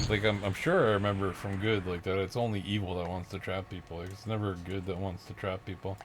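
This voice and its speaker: A man's voice: low voice, flat delivery, a little fast, hardly any pauses. A man ranting in a rambling monologue, out of breath, restarting often and laughing bitterly between thoughts. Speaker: vlogger. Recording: noisy background with vehicle sounds.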